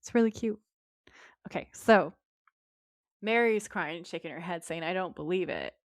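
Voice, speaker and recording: A woman co-hosting a podcast, retelling a TV episode with lively quoted lines in casual chat. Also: lowish voice, normal speed, no echo, studio quality. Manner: lively retelling, quoting characters in her own voice. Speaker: podcast co-host.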